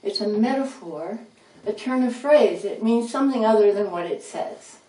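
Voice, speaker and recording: A woman voicing a patient, friendly male red rat who explains things gently, in a roomy, distant recording with faint noise. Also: mid-range voice, expressive, normal speed, lightly acted.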